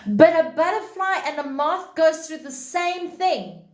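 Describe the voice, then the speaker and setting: Slow, emphatic woman spiritual teacher. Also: extremely high pitch, expressive, roomy sound. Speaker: spiritual teacher hosting a live stream. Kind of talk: live-stream spiritual talk answering chat.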